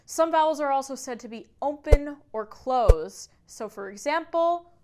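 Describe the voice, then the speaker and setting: Woman vocal coach, video lesson; upbeat, demonstrates sounds, smooth clear tone. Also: high voice, animated, unhurried, a little mellow. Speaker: singing teacher.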